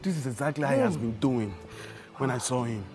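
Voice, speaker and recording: A man's voice: medium pitch, lively intonation, a little fast, lightly acted. A man playing a soothing Nigerian son. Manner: soft, repeating reassurance. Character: young man soothing his mother. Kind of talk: film acting. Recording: music behind.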